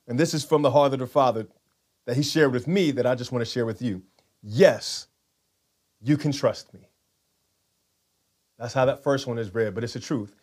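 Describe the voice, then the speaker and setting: A man's voice: mid-range voice, darkish tone. A man preaching a sermon in a conversational way, often repeating words and having the congregation say lines back. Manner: conversational, repeats words, leads call-and-response.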